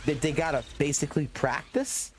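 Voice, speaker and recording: Loud, profane Southern man ranting. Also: on the high side, a little fast. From Louisiana, US. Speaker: live streamer. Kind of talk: casual ranting stream chat.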